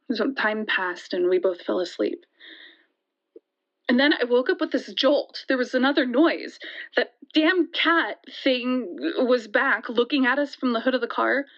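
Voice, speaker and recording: A shaken young woman, played by an actress, tells her story in a fairly high voice, halting and stumbling over repeated words. The audio drama sound is dull and lo-fi. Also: close to an everyday voice. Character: shaken young woman retelling a deadly night.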